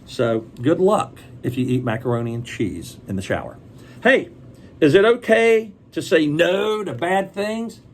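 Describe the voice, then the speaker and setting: A man's voice: on the high side, animated, a little slow, a little hiss or hum. Chatty man reading to kids. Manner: chatty, asks the children questions and answers them. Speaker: children's book reader. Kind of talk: reading a picture book aloud to children.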